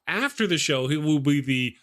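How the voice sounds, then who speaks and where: A man's voice: on the high side, animated, normal speed, fairly bright tone. A man in his forties hosting a casual livestream talk show, jokey and rambling, laughing often between his remarks. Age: 40s. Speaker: host. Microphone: webcam set above.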